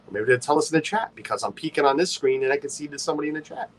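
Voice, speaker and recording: A man's voice: fairly high pitch, animated, very fast. A man hosting a casual livestream, chatty and playful, greeting viewers by name and teasing his co-host.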